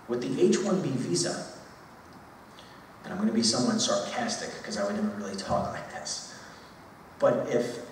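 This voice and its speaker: A man's voice: mid-range voice, a little hiss or hum. A man in his forties giving an emphatic, conversational public speech at a university, repeating words for stress. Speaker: speaker at a university talk. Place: university lecture hall. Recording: echoey hall, voice from far off.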